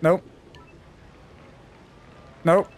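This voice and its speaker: A man giving loud, joking, profane commentary while playing a video game. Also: very slow, slight background noise. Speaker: gameplay commentator. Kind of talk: let's play commentary.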